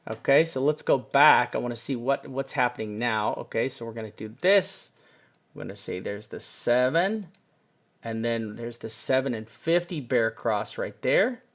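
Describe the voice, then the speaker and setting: Excitable man walking through charts. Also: medium pitch, normal speed. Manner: excitable, chatty, talks to the chart, drops casual swears. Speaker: crypto chart analyst. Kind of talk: casual screen-share chart walkthrough.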